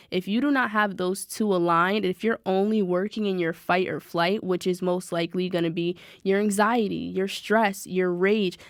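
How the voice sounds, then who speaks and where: A woman hosting a self-help podcast, talking in a casual, animated way and addressing her listeners directly. Her voice sits at an everyday middle pitch. The sound is dry and close, with no room echo. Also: smooth. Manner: animated, talks to listeners directly, quick asides. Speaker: podcast host.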